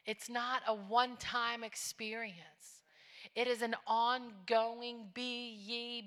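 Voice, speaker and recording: A woman preacher giving a testimony sermon, telling her story plainly and rising into loud, fervent preaching. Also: fairly high pitch, steady tone, slow, long reverb tail. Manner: storytelling, drops to a hush, then builds to loud preaching.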